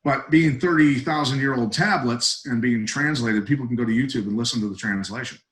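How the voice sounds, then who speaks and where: A middle-aged man, a retired fighter, telling stories as a podcast guest in a blunt, emphatic, animated way. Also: medium pitch, fairly quick, rough recording. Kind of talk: casual podcast storytelling.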